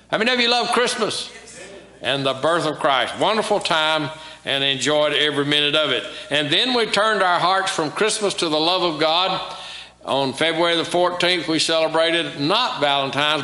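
Bright-voiced pastor preaching, echoey church. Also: male voice, fairly high pitch. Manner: preaching with call-and-response questions to the congregation. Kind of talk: sermon. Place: church sanctuary.

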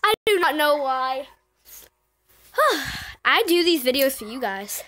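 Woman chatting away while she plays a phone game, really lively sing-song voice, all over the place and laughing at herself. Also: high voice, slow pace. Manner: chatty, scattered, self-mocking. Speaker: YouTuber. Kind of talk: rambling mobile game commentary.

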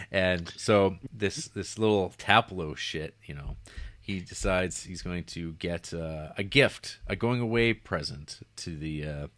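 Man, very low voice, dry close sound, podcast co-host, rambling plot retelling. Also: slow, no echo. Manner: rambling, animated retelling with acted-out quotes and laughs. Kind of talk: casual film review chat.

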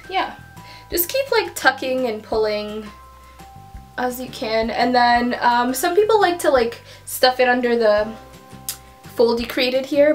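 A young woman vlogger talking casually through a tutorial at home, full of "um" and "like" fillers. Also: on the high side. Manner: chatty, many fillers like um and like.

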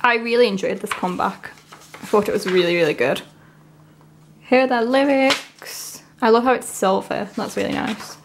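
A woman's voice: medium pitch, moderate pace, vocal fry, a little hiss or hum. A woman chatting her way through an unboxing video, rambling and emotional as she reacts to each item. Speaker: vlogger. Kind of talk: casual unboxing commentary.

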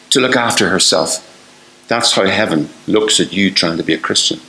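A man's voice: low voice, moderate pace, sharp tone, reverberant, poor audio. An older man preaching a fervent sermon, asking the listeners one rhetorical question after another and acting out the voices he quotes.

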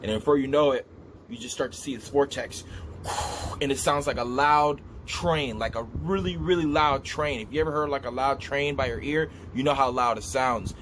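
A man telling a vivid dream story in a casual, animated way, repeating himself as he describes what he saw. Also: mid-range voice, moderate pace, slight background noise. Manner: animated, repetitive, gestures while describing. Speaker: vlogger recounting a dream.

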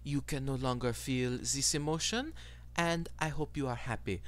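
Man as courteous male parlor attendant, calm and scripted. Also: medium pitch, normal speed, voice pushed up, close to an everyday voice. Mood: soothing. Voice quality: polite, calm customer-service patter. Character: smooth male attendant of an emotion-removing parlor.

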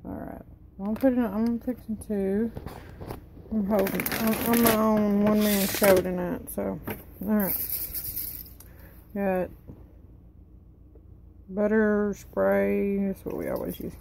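In her home kitchen, a weary woman whose voice is going rambles through a casual cook-along and reads cooking directions off the package. Her medium-pitched voice has vocal fry and little pitch movement; she speaks slowly with long pauses, and background noise is audible.

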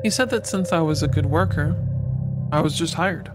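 A man narrating a scripted horror story in a measured, deliberate way. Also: a little high. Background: loud music.

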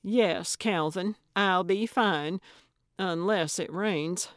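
A woman's voice: on the low side, takes it slowly, no echo, studio quality. A woman doing a brash amateur sleuth. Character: feisty, self-assured older woman sleuth.

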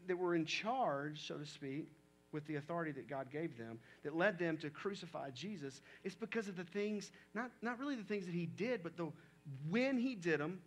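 A male pastor with a high-pitched, fairly bright voice preaches conversationally. He reads scripture aloud and then talks it through.

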